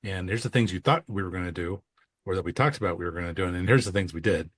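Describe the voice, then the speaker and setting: A low-pitched, slightly rough male voice comes through at a quick pace, studio quality with no room sound. The speaker, an accounting coach and podcast co-host, keeps things conversational while dramatizing phone calls with clients.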